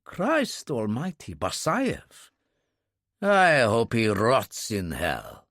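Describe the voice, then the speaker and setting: A man's voice: mid-range voice, wildly swooping pitch, drawn-out words, a bit bright, dry recording, studio quality, exaggerated voice. A man voicing an anxious middle-aged male Russian handler who presses with agitated questions. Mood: angry.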